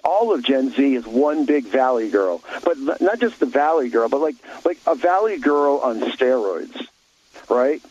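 A man's voice: mid-range voice, animated, unhurried, a little mellow, husky, lo-fi sound. A man talking bluntly in an opinionated talk show chat, rambling with many restarts and fillers.

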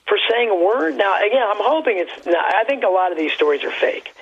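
A man calling in by phone, talking in a halting, rambling way and reading aloud as he searches. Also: high voice, lively intonation, husky. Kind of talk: casual phone conversation. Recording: muffled phone line with faint noise.

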